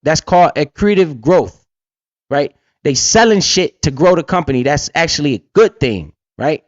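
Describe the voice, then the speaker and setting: Blunt, profane man with a higher voice. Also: lively intonation, normal speed, no room sound, dull audio. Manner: profane, blunt, keeps asking "right?". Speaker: livestream host and crypto investor. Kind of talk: casual livestream commentary.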